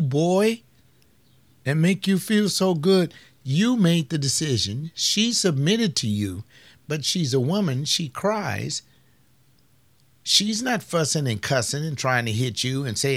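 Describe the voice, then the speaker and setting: A man's voice: fairly high pitch, big pitch swings, unhurried, a bit bright. Emphatic man giving relationship advice. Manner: emphatic, addresses the audience directly. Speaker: marriage counselor. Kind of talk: lecture on relationships.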